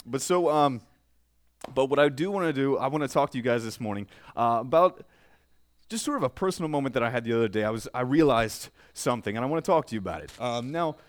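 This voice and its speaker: Young male pastor, chatty and self-deprecating, mid-pitched, preaching into a church mic. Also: expressive, fast talker. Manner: conversational, self-deprecating, joking asides. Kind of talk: casual sermon with prayer. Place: church sanctuary. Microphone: microphone with feedback.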